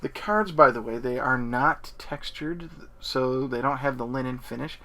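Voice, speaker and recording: A man hosting an unboxing video, thinking aloud in a hesitant, casual way with many pauses and ums. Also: medium pitch, pushed and bright.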